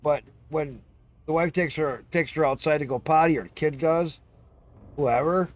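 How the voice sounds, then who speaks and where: A man's voice: fairly high pitch, normal speed, no room sound. Rambling, cussing man on a livestream. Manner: rambling, swears freely, breaks into cat and dog impressions. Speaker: live streamer. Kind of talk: casual chat.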